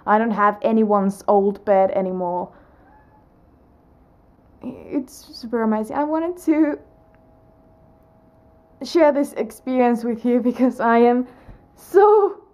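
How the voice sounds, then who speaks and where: A woman's voice: a little high, a little mellow. A young woman vlogger telling a personal story to camera in a chatty, rambling way, full of restarts and "like".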